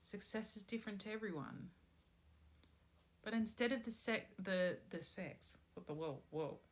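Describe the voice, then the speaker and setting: A pregnant woman giving a live-stream tarot reading, speaking in a slow, soothing, spiritual way. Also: medium pitch. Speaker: tarot reader.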